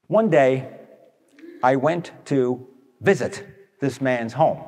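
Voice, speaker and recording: A man's voice: mid-range voice, takes it slowly. Blunt man telling stories in an echoey hall. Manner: animated, blunt, asks rhetorical questions. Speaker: speaker addressing an audience. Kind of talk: storytelling talk to an audience. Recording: long echoey hall reverb.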